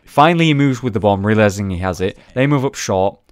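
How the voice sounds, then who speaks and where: A man's voice: on the low side, animated, quick pace, dry recording. A young man chatting casually over gameplay footage, recapping rounds and swearing freely. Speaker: gaming video host.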